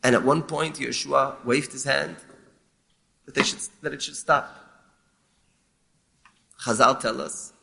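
A man teaching as a rabbi, explaining a lament text in a measured, halting way and often repeating words. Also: medium pitch, gravelly, fairly bright tone. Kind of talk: explaining a lament text, mixing Hebrew terms.

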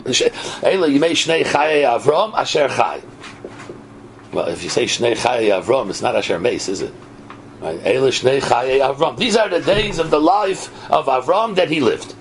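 A man giving a Torah lecture in an animated way, often asking his listeners "right?". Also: fairly high pitch, vocal fry. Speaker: Torah teacher. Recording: noisy recording.

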